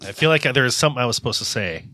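A man's voice: medium pitch, lively intonation, rapid-fire, pushed and bright, no room sound. A man chatting on a casual podcast, laid-back and chuckling. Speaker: podcast co-host.

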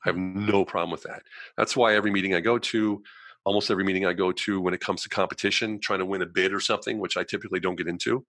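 A man, a guest in a conversation, telling a personal story in an animated way, acting out the voices of people he quotes and using lots of "you know" fillers. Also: sits low, fast talker, dry recording.

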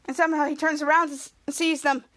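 Female podcast host, high voice, casual recap, halting and repetitive delivery. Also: level tone, fairly bright tone. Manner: halting, repetitive retelling with many restarts and "cut to".

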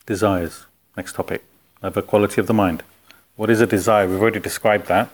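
A man with a lowish voice leads a relaxed philosophy class. He talks conversationally and keeps putting questions to his students. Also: fast. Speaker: spiritual teacher. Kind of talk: informal philosophy class talk.

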